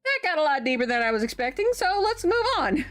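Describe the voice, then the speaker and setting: A woman streaming a game, reading its text aloud and telling stories in a chatty, animated way. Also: fast talker. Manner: chatty, animated storytelling with sudden pitch jumps. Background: background music.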